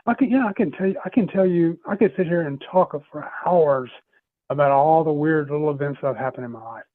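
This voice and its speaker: A man's voice: on the high side, brisk, dry recording. A middle-aged man, a podcast guest, telling a personal story in an earnest, rambling way, often restarting his phrases. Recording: tinny phone-line sound.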